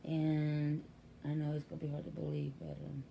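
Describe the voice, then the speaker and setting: Older woman, grandmother type, gravelly and mellow, chatty storyteller. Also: sits low, monotone, moderate pace, a little hiss or hum. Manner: chatty, acts out quoted voices. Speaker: grandmother and caregiver. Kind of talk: casual storytelling vlog.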